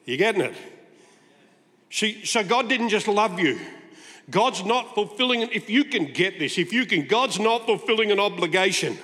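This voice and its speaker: With a high-pitched, expressive voice that sounds pushed and bright, a guest preacher in his sixties speaks at normal speed. He tells playful, conversational stories to the congregation, recorded with long hall reverb.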